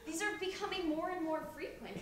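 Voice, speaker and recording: A woman's voice: very high-pitched, fairly quick, crowd noise. A woman acting as a yoga studio worker in live improv theatre. She is chatty and apologetic and stumbles over her words. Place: theatre stage. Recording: very echoey live theatre from far off, faint room noise.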